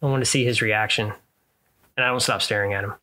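A man's voice: on the low side, fairly even intonation, fast, pushed and bright. A man playing a tabletop game, asking short questions and stating his character's actions. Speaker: player. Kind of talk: casual tabletop play.

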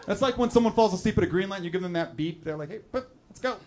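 A man in his thirties from Chicago doing stand-up crowd work in a comedy club, riffing and swearing in an animated way. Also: high voice, rapid-fire, a little hiss or hum. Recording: live club audience laughter. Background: crowd laughing.

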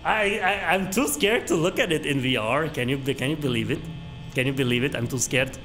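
A man's voice: mid-range voice, a little fast, fairly bright tone, faint music behind. A male streamer reacting to a horror game, crude and panicky, swearing and yelping at every scare.

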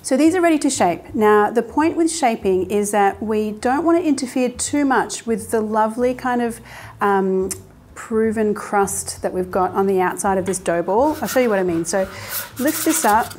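A woman's voice: medium pitch, animated, moderate pace, darkish tone. A woman hosting a cooking show, chatting casually and explaining each step in an upbeat way as she cooks in a kitchen. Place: home kitchen.

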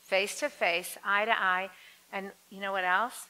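A woman lecturing an audience on dementia care, lively and acting out quoted voices. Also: unhurried, smooth, rough recording. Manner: lively, acts out quoted voices with big swings in pitch.

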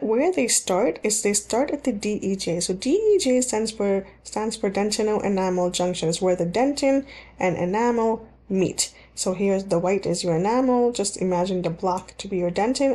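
In a recorded slide lecture, a woman teaches dental hygiene in plain terms, repeating key points and often using ums and restarting. Her voice is mid-range with a dark tone.

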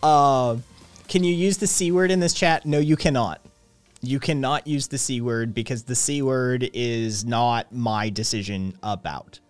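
A man's voice: medium pitch, steady tone, unhurried, soft background music. A man hosting a live stream, chatting casually in a sarcastic, profane, joking way. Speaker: stream host. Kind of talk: casual chat.

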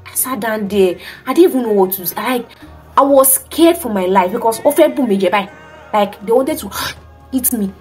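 A woman's voice: fairly high pitch, moderate pace, breathy edge, faint music behind. A young woman, a teacher telling a dramatic story in a casual vlog, full of exclamations and acted-out quotes. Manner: animated and dramatic, acting out quotes with many exclamations. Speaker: teacher and vlogger.

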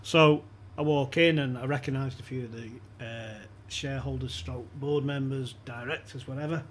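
A man's voice: mid-range voice, normal speed, a little hiss or hum. A man telling a casual anecdote on a podcast, acting out quoted lines as he goes. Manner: animated anecdotes with quoted voices and laughter. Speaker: podcast guest. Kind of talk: casual storytelling chat.

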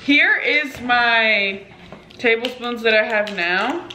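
A woman's voice: a little high, slow pace, bright, forceful tone, a little hiss or hum. A woman in her twenties chatting casually as a vlogger, full of fillers and swearing freely, talking into a handheld camera. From California. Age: 20s. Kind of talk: casual vlog chat.

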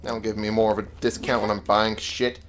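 A man's voice: on the low side, level tone, a little fast, fairly bright tone, a little hiss or hum. A young man casually commentating his gameplay, swearing freely and talking back to the characters with wry humor. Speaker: let's play gamer.

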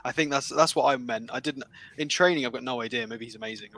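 A man co-hosting a casual fan show, weighing his words and hedging each opinion. His voice sounds bright and tense. The recording is dry and close, with no room sound. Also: medium pitch, fast, dry recording. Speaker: co-host. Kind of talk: casual chat.

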